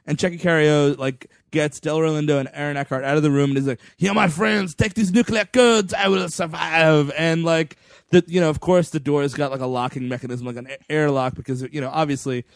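Man, podcast co-host, animated movie recap, acts out lines, high voice, dry close sound. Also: fast, smooth, no room sound. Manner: animated retelling, acts out lines, laughs often. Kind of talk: casual movie recap chat.

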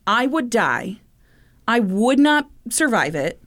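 A woman co-hosts a podcast, chatting casually and telling stories with lots of fillers. Her voice sits a little higher than most. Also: very animated, takes it slowly, fairly bright tone. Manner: chatty storytelling with many fillers. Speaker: podcast co-host. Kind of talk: casual chat.

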